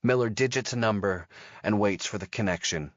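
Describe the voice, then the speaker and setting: A male audiobook narrator with a low voice, telling the story in a steady, measured way. The recording is dry, with a slightly dull, muted top end. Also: dry recording. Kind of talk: scripted narration.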